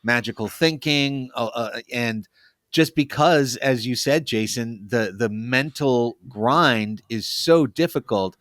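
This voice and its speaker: A man's voice: medium pitch, slow, fairly bright tone, no room sound, clean studio sound. A man co-hosting a casual baseball podcast, telling stories and reasoning aloud. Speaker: podcast co-host.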